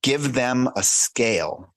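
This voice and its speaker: Man, coach on a podcast, animated, acts out little conversations, trips over his words, dry close sound, middle pitch. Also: slow, vocal fry, dry recording. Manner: animated, acts out little dialogues in shifting voices; frequent restarts and repeated words. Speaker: career and life coach guest. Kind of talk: casual podcast interview.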